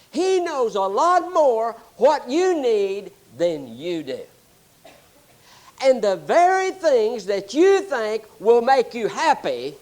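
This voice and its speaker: A man preaching a sermon, explaining scripture and telling animated stories. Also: extremely high pitch. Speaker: pastor.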